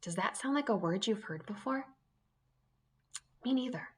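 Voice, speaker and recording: A woman's voice: on the high side, lively intonation, normal speed, husky. A woman teaching an early reading lesson to young children, sounding out letters one by one in an encouraging way.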